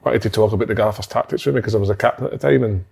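A man's voice: fairly low pitch, very fast, gravelly, darkish tone, breathy edge. A middle-aged Scottish man, a former football captain, telling stories in casual chat with plenty of swearing and laughter. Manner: swearing, storytelling, laughs often.

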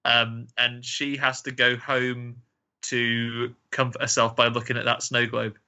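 A man's voice: medium pitch, monotone, measured pace, pushed and bright, lo-fi sound. A man hosting a podcast, retelling a film's plot in casual, joking chat and laughing often. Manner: chatty, joking storyteller who often laughs. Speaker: podcast host. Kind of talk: casual film recap chat.

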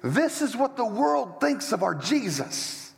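Animated pastor preaching in an echoing hall. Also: male voice, extremely high pitch, slow, creaky. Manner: animated and emphatic, with joking asides; walks around while preaching. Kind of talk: sermon. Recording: long church-hall reverb.

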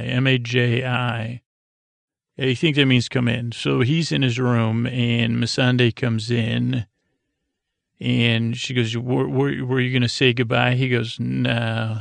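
A man talks in a slow, meandering way, filling pauses with ums and casual slang. His voice is heavily fried and gravelly, with a flat, even pitch. The recording is dry and close. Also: no room sound. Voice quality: gravelly vocal fry. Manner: meandering, many fillers, paraphrases scenes in casual slang. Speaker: podcast host. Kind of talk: rambling sleepy recap.

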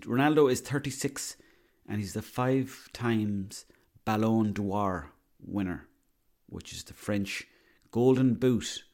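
A man's voice: on the low side, a little mellow. A man telling a rambling, boastful comic monologue, swearing freely.

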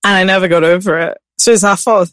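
Nigerian woman late 30s, podcast cohost, animated chatty voice, dry close mic. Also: fairly quick, no room sound. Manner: animated, breaks into shrill mock-scared squeals. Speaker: podcast co-host. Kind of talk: casual chat.

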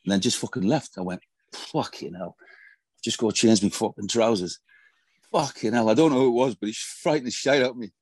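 A man's voice: medium pitch, fast, hardly any pauses, darkish tone, husky, no echo. A middle-aged man, a former footballer telling profane anecdotes in a casual interview. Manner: profane, storytelling, swears constantly.

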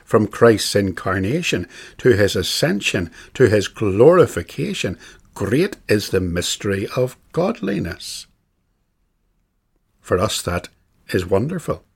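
Gravelly low-voiced man teaching scripture. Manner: measured, emphatic, uses repetition for stress. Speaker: catechism teacher. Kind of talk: bible teaching lesson.

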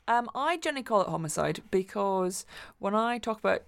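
A woman's voice: mid-range voice, animated, a little fast, vocal fry, clean tone. A woman from Glasgow, a guest in an interview, chatting eagerly and often restarting her sentences. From Glasgow, Scotland. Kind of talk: casual interview talk.

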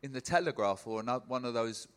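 A man's voice: medium pitch, lively intonation, fast talker. Casting note: man podcast host, playful, curious questioner. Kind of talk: casual interview chat.

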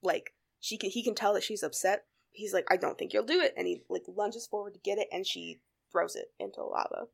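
Gravelly-voiced woman retelling a story. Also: mid-range voice, fairly quick. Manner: animated retelling with many fillers. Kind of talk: casual chat.

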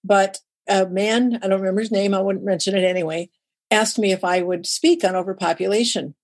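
A woman's voice: mid-range voice, fairly quick. A woman who writes and gives talks, a guest in an interview, telling stories and acting out the dialogue in them. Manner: lively storyteller who acts out quoted dialogue. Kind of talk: conversational interview storytelling.

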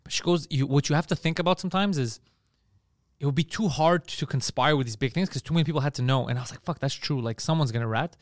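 Fast-talking animated man, higher voice. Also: dry recording, clean studio sound. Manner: animated storytelling, swears freely, acts out quoted voices. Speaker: podcast co-host. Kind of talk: casual chat.

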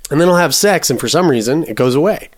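A man's voice: fairly high pitch, animated, fast. A man co-hosting a podcast, telling a long personal story in a casual, rambling way with many fillers and restarts. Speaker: podcast co-host.

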